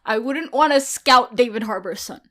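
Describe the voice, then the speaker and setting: A woman's voice: a little high, fairly bright tone. A young woman in her twenties, a podcast guest, chatting casually with firm opinions. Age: 20s. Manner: opinionated, quick interjections. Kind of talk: casual comedic chat.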